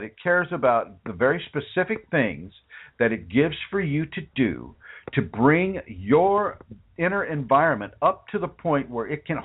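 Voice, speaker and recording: A man's voice: a little high, husky. A man hosting a spiritual teaching broadcast, speaking earnestly and colloquially with frequent restarts and repeated words. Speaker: spiritual teacher and show host. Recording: phone-like narrow sound.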